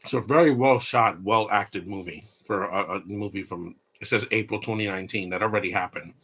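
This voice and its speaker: A man's voice: lowish voice, fairly quick, fairly bright tone, breathy edge. A man hosting a casual live movie commentary, rambling and opinionated with blunt asides.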